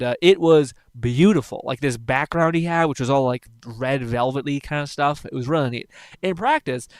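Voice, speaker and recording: A man's voice: on the high side, dry recording. Rambling young man with a dry voice. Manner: rambling, swears a lot, laughs often. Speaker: streamer reading chat. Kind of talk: casual livestream chat.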